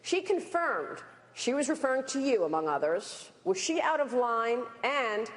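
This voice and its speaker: A woman moderating a televised debate, asking measured, formal questions. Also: fairly high pitch, big pitch swings, rough recording.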